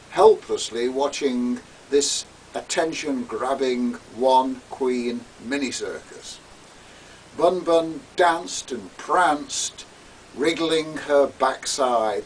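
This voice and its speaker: Slow, theatrical male storyteller. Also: medium pitch. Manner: theatrical and relishing. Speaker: author reading his novel. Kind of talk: storytelling narration. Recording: distant mic with faint hiss.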